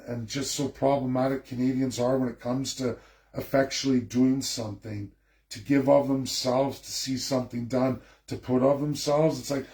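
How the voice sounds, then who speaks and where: A man giving a forceful, lecturing political rant straight to his viewers, repeating himself for emphasis. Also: mid-range voice. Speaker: political commentator. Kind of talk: ranting political livestream. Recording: echoey room.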